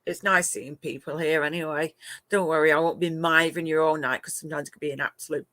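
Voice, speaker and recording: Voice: medium pitch, steady tone, fast, bright, forceful tone, dry recording. Chatty middle-aged English live-streamer. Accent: mixed northern and southern English. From England. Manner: chatty, laughs often, talks to pet cats. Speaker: live-stream host and moderator. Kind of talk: casual live-stream chat.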